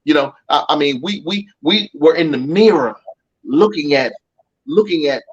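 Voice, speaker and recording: A middle-aged man with a slightly high, husky voice, talking as a motivational coach. He speaks emphatically, repeats his points and restarts his sentences with a preacher-like rhythm. The sound is dull and lo-fi. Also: expressive, moderate pace. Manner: emphatic, repetitive, preacher-like cadence with many restarts. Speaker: coach, interview guest. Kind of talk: motivational interview talk.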